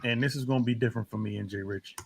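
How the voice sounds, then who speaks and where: A man's voice: mid-range voice, steady tone, rapid-fire, gravelly, noisy background. Podcast host guy, um-ing a lot then getting blunt, average voice. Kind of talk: casual chat.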